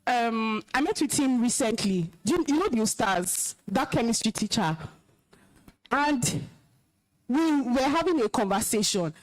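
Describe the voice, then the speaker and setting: A woman's voice: a little high, animated, unhurried. A young Nigerian woman, an alumna, gives a stern, emotional talk to schoolchildren, commanding and scolding them. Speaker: alumna speaker at school event. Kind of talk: stern address to students.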